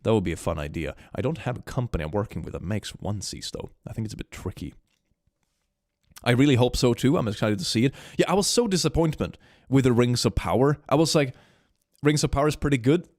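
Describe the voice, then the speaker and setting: Young male streamer, stuffy from a cold, lively up-and-down delivery, dry close sound. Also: mid-range voice, quick pace, no room sound. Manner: animated, laughs often, reads messages aloud. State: slight cold, stuffy nose. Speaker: streamer reading chat. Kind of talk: casual live-stream chat.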